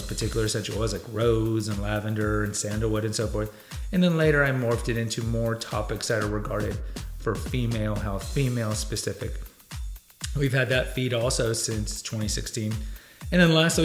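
A middle-aged man hosting a solo podcast, talking in a conversational, rambling way with frequent restarts. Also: mid-range voice. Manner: briefly mimics his father's voice and accent. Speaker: podcast host.

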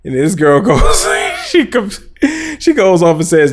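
A man co-hosting a podcast in casual chat, telling animated stories with acted-out quotes and frequent laughter. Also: a little high, takes it slowly. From Nebraska. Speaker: podcast co-host.

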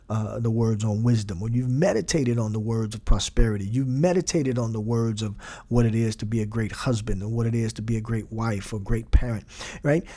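A man's voice: medium pitch, a little mellow. Man teaching a bible study. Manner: conversational, repeats and builds emphasis, frequent fillers.

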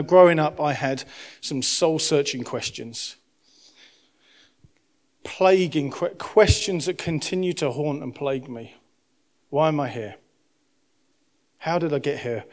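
A man, a pastor, preaching an impassioned sermon, rising to loud emphasis and dropping to hushed, quiet lines. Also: mid-range voice.

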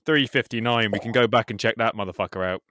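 Excitable sweary man. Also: fairly low pitch, fast, no echo, studio quality. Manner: excitable, swears freely, says "mate" often. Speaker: co-host reacting to a skate video. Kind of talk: casual reaction commentary.

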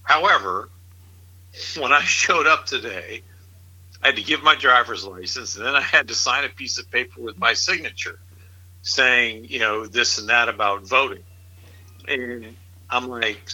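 A middle-aged man with a husky, very bright voice talks through politics in loose, rambling chat. He sounds incredulous and laughs often, circling back on his points. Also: mid-range voice, measured pace, poor audio.

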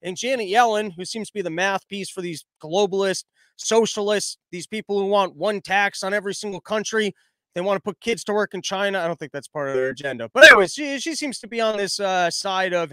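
A man giving casual, sarcastic political commentary, mocking and quick. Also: high-pitched, bright, forceful tone, no room sound. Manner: sarcastic, mocking, fast-talking.

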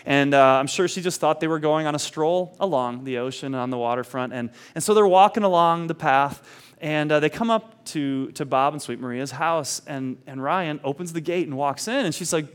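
Lively man retelling a story. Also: a little high, moderate pace, clean tone. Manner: animated, many restarts, acts out the quoted dialogue. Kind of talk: casual anecdote retelling.

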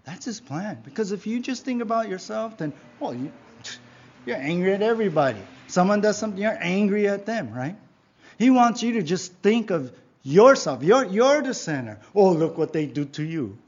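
A man preaching a sermon in church, emphatic, often asking his congregation "right?", swinging between loud exhortation and quiet asides. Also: high-pitched, big pitch swings, normal speed. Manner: emphatic preaching, frequent rhetorical "right?" and "yeah?". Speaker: pastor. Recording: dull lo-fi recording.

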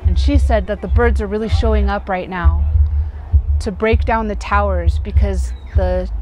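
A woman warmly telling a personal story about her son. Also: mid-range voice, fairly even intonation, moderate pace, soft background music, low-quality recording. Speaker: festival attendee sharing an experience.

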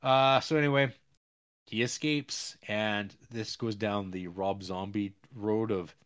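A man's voice: lowish voice, fairly even intonation, takes it slowly, a bit bright, clear, resonant tone. A man hosting a podcast, chatting casually as he retells a movie's plot in a loose, rambling way. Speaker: podcast host. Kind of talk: casual movie-recap chat.

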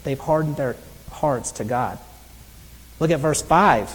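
A middle-aged man preaching a sermon in an earnest way, reading scripture aloud slowly. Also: a little high, slightly rough, big-room sound, poor audio. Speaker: pastor.

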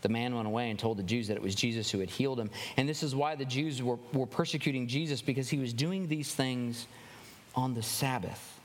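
A male pastor giving a conversational sermon with animated, wry asides. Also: medium pitch, fairly quick. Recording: long hall reverb.

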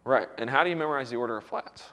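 A man's voice: mid-range voice, very fast, bright, forceful tone. A man teaching music theory to a worship class in a casual, encouraging way, often checking in with his students, his voice a little worn. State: recovering voice.

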